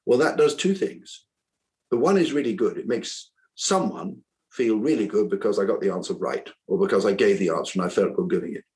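Over a rough recording, an older man who writes books and used to teach school speaks in a fairly low, slightly mellow voice, animated and fairly quick. In this interview he reflects earnestly and rambles, often starting his sentences over.

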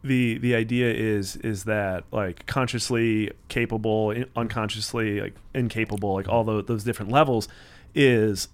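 A man's voice: on the low side, fairly even intonation, moderate pace. A man co-hosting a podcast in casual conversation, rambling and acting out his own inner voice, with some swearing. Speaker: podcast co-host.

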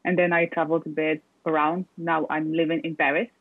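A woman's voice: sits low, flat delivery, a little fast, dry recording, narrow, tinny audio. A woman from Morocco, chatting casually as an interview guest and using frequent fillers.

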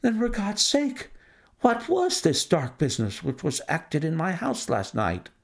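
Man doing a panicked elderly banker, voice pushed high and wobbly, gravelly edge. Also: wildly swooping pitch, measured pace, full character voice. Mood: anguished. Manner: pleading, high-strung. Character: distraught wealthy older male banker.

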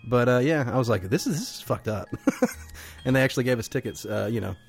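A man's voice: medium pitch, lively intonation, a little fast, gravelly, breathy edge, faint music behind. A man co-hosting a film podcast, telling long rambling stories in casual chat, laughing often and swearing freely. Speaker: podcast co-host.

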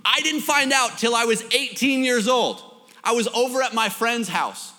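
A man's voice: very high voice, expressive, moderate pace, bright, forceful tone, in a large hall. A young man preaching a sermon, telling a story with self-deprecating jokes. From Canada. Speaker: pastor.

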